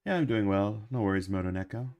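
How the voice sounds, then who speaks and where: A man's voice: lowish voice, fast, dry recording, dull audio. A man who is sick with a cough, chatting casually while he livestreams his animation work and rambling with lots of ums and uhs.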